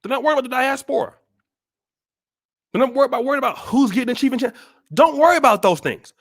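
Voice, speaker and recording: Blunt high-voiced man scolding his viewers. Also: fast. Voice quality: forceful, preachy. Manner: blunt, scolding, repeats rhetorical questions. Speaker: channel host. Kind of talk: blunt motivational monologue.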